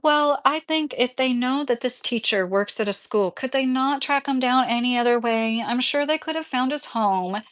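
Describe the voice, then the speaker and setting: A woman's voice: high voice, normal speed, hardly any pauses. Woman streamer answering her chat. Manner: heated, talks back to chat comments. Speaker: livestreamer reading chat. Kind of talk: casual livestream chat.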